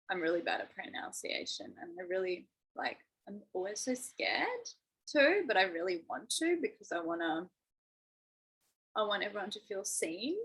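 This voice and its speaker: A woman's voice: medium pitch, bright, forceful tone, breathy edge, low-quality recording. A young adult woman coaching a live online masterclass, enthusiastic and encouraging, using spiritual wording. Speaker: manifestation coach.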